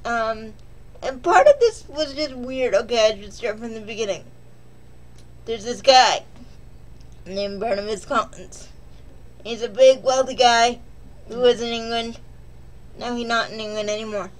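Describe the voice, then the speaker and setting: A woman's voice: a little high, measured pace, slight background noise. A woman vlogger casually recapping a film in a rambling, joking, self-deprecating way.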